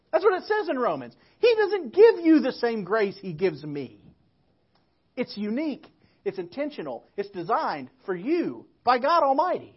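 Preaching to her church, a female pastor weaves in stories and moves from hushed reflection to forceful appeals. She has a high-pitched voice, captured with lo-fi sound.

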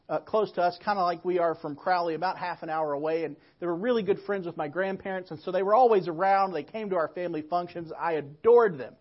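A woman pastor tells stories in her sermon, shifting between quiet reflection and emphatic calls to the congregation. Her voice is on the low side, and the recording's highs are cut off.

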